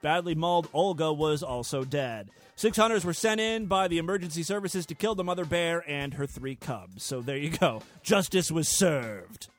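A man's voice: a little high, normal speed, few pauses, soft background music. A man hosting a podcast, reading out news with crude, irreverent commentary and frequent laughter. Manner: irreverent, laughs often, mock voices for quotes. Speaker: podcast host.

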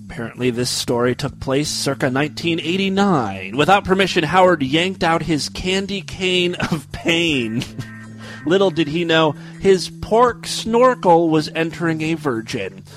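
Comic male reader, slightly higher voice, dry sarcastic asides, faint music behind. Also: lively intonation, measured pace, fairly bright tone. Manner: sarcastic asides, laughing at the text. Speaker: comedic reader of fan stories. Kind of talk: comedic reading with commentary.

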